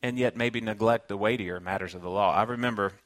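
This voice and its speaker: A man's voice: fairly low pitch, fast talker, a bit bright, dry recording. A man from Kentucky with a Southern accent, preaching a sermon in an earnest, conversational way and weaving in personal stories. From Kentucky, United States. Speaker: pastor.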